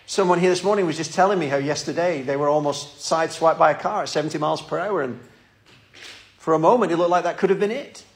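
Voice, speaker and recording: A man's voice: on the high side, quick pace. A man preaching a sermon in a church, earnest and pleading, often repeating his words.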